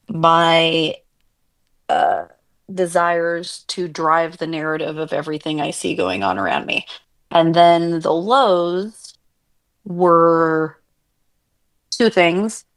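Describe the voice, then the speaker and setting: A woman co-hosting a podcast, with a somewhat low voice. She talks in a chatty, casual way, full of "like" and "um", and pokes fun at herself. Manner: chatty, filler-heavy, self-deprecating. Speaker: podcast co-host. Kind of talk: casual chat.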